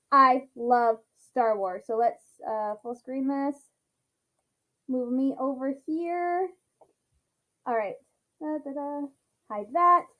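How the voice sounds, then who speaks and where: A young woman reacting to a trailer at home, gushing and bubbly, chatting excitedly to her viewers. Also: fairly high pitch, poor audio. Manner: gushing, bubbly, talks to viewers as "you guys". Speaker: reaction vlogger. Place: home, seated at a chair.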